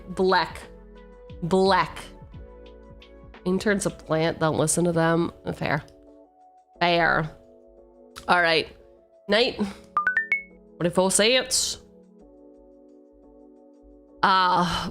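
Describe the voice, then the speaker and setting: A woman with a lowish voice chats slowly and easily on a live stream, wandering off on tangents and poking fun at herself. She reads card text aloud between asides, and faint music plays underneath. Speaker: streamer opening card packs. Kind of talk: casual live-stream chat.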